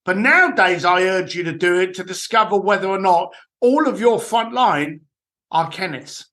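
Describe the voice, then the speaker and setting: Animated man, high lively voice. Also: normal speed. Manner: animated, blunt, swears casually. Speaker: guest, entrepreneur and author. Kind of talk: podcast interview, storytelling advice.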